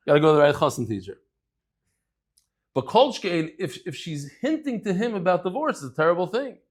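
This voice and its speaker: A man giving a daily Talmud lecture, conversational and lively, acting out bits of dialogue as he explains with everyday examples. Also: high voice, slightly rough. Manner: lively, acts out dialogue in quick asides. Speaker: Talmud teacher.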